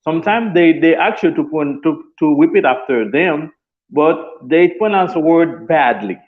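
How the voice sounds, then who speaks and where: A man's voice: a little high, animated, moderate pace. A man with a Haitian accent, a student giving his opinion in a class debate, hesitating with many fillers and restarts. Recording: tinny phone-like line.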